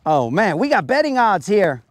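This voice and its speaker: A man's voice: high voice, very animated, moderate pace, no echo. A man chatting casually on a live stream while fishing outdoors on a lake, ranting in a playful, mock-serious way and stretching out his words.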